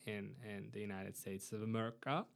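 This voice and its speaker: A man's voice: on the low side, fairly even intonation, brisk, vocal fry. A man from Romania, a podcast guest in casual chat, hesitant with many fillers and restarts, joking dryly.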